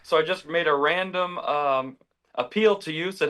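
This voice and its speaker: A man's voice: on the high side, moderate pace, a bit bright. A man chatting casually as a guest on a video call from his apartment, joking and self-deprecating. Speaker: comedian guest. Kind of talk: casual interview chat.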